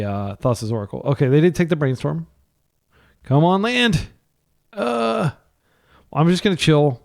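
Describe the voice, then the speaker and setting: Narrating his card game as it unfolds, a man from the United States chats away, reasoning aloud and catching his own mistakes. He speaks at a medium pitch with a slightly mellow quality.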